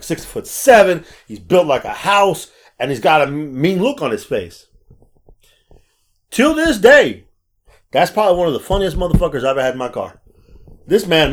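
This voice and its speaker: A man telling stories in a casual chat, animated and swearing freely. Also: medium pitch. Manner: animated storyteller, acts out quotes, swears freely. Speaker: podcast co-host.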